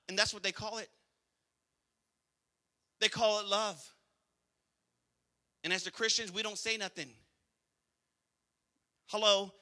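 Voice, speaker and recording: A male pastor delivers a sermon with a high, very bright and piercing voice. He preaches emphatically, repeating phrases and calling out to his congregation in church. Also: a little fast, long pauses, in a large hall.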